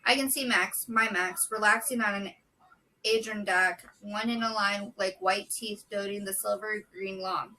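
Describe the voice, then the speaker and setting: A woman reading a novel chapter aloud in a steady, measured way, with brief casual asides. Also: medium pitch, recorded from a distance, rough recording. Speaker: book vlogger.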